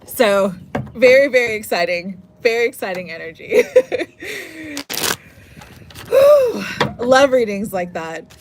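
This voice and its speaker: A woman's voice: medium pitch, animated, normal speed, noisy background. A woman giving a live-streamed tarot reading, effusive and emotional, at times close to tears. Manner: emotional, effusive, gets teary. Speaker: tarot reader.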